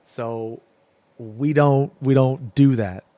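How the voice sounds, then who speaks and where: A man's voice: medium pitch, steady tone, takes it slowly, dark tone, no echo. Profane rambling male streamer, dry sound. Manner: rambling, profane, filler-heavy. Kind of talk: casual storytelling on stream.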